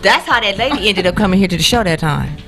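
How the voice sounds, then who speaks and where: A woman's voice: mid-range voice, lively intonation, fast, music in the background. A middle-aged woman co-hosting a casual chat show, telling a story with lots of swearing and acting out her own panic. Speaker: talk show co-host.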